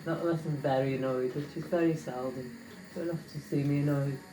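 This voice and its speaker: A woman's voice: low-pitched, fairly even intonation, fairly quick, heavy background noise. A woman, chatting casually and poking fun at herself while she cooks in her home kitchen for a vlog. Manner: chatty, self-mocking, talks to viewers while cooking. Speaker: home cooking vlogger. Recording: echoey kitchen with clattering pans.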